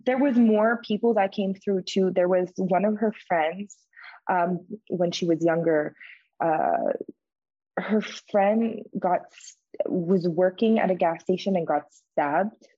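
A woman's voice: on the low side, slow pace, husky, dry recording, highs cut off. Chatty woman telling a spooky story. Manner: chatty, many fillers, lively re-enacted quotes. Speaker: podcast co-host. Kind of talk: casual storytelling.

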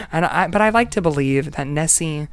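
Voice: medium pitch, animated, normal speed. A podcast host telling a story in casual, playful chat, joking and laughing often.

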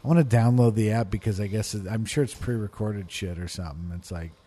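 A man co-hosting a casual podcast chat, animated and swearing freely as he retells scenes. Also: on the low side, fast. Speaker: podcast co-host.

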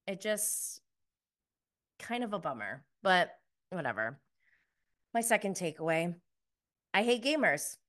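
A woman giving a casual, chatty recap review, emphatic and quick to laugh, with lots of "like". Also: fairly low pitch, sing-song, fairly bright tone.

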